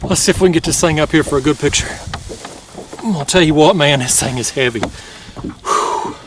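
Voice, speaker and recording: A man vlogging from a kayak, talking in a casual, excited, folksy way and laughing often. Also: a little high, normal speed, far from the mic, background noise. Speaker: fishing vlogger. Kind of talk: casual outdoor vlog narration. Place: kayak on a river at night.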